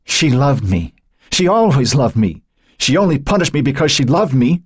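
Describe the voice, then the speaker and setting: A man voicing a frantic, shrill young woman. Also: sing-song, moderate pace, breathy edge. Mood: furious. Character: young woman in a murderous rage, desperate to be loved.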